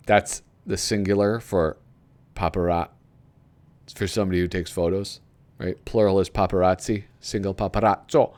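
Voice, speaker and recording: A man's voice: deep voice, fairly even intonation, normal speed, darkish tone. A man hosting a casual video, reading aloud from a magazine and rambling about it with frequent chuckles. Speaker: video host flipping through a magazine. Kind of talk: casual commentary.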